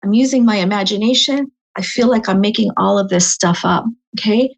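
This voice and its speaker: A woman's voice: medium pitch, brisk, creaky, rough recording. Chatty middle-aged woman telling a story. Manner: animated, chatty storytelling with frequent "right?". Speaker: psychic medium guest. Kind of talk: storytelling interview.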